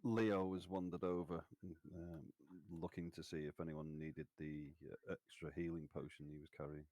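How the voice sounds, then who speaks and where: Male player, low voice, deadpan in-character lines, dry sound. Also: moderate pace, dry recording. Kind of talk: playing his character in a tabletop game.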